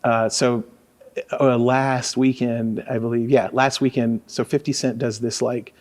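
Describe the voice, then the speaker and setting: A man's voice: mid-range voice, a little slow. Laid-back male radio DJ in his forties from Louisiana, spinning casual stories. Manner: relaxed storyteller, lots of fillers. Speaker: radio DJ, guest. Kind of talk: casual conversational interview.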